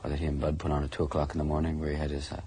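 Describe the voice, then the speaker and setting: A man reminiscing in a documentary interview, telling stories quickly. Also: a bass voice, monotone, mellow, a little hiss or hum.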